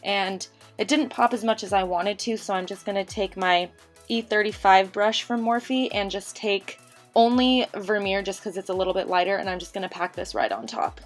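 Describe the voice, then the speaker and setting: Breathless young woman doing fast voiceover. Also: mid-range voice, faint music behind. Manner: rapid, chatty, slightly tongue-tied. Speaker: makeup tutorial creator. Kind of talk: casual voiceover tutorial. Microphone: home voiceover mic.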